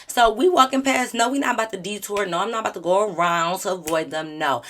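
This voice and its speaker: A woman's voice: medium pitch, quick pace, a little hiss or hum. Sassy woman telling a storytime. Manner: sassy, slangy, animated retelling. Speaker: YouTuber. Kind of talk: storytime vlog.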